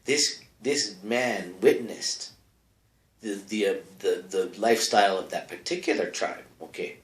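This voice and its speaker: Man, comic advice host, low voice, rambling asides, close mic, bare echoey room. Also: unhurried. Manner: rambling and offhand, full of asides and mic checks. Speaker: comedic advice-column host. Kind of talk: rambling comedic monologue. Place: small home studio with no insulation. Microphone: close microphone.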